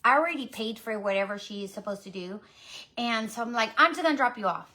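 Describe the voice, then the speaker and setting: A middle-aged woman from the Houston area tells a rambling story about her busy morning to her live-stream viewers in a chatty, animated way, calling them y'all. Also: on the high side, fast. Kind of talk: casual storytelling.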